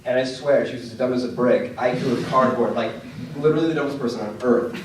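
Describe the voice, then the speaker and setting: A man's voice: medium pitch, quick pace, slight background noise. Young man doing stand-up in an echoey club. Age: young adult. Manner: storytelling with acted-out dialogue, rising to shouts. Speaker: stand-up comedian. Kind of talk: stand-up comedy set. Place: comedy club stage with live audience. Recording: distant mic in an echoey room. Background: audience laughter.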